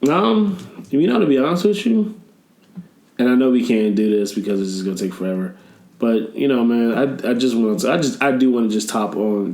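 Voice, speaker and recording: A man chatting casually as a podcast guest, animated and laughing often as he tells stories. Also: fairly low pitch. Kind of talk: casual chat. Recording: echoey room.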